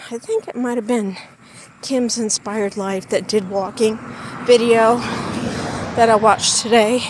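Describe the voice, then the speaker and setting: An American woman vlogger chats folksily to her viewers while walking laps in a backyard, a little out of breath. Her voice is a little high with a darkish tone.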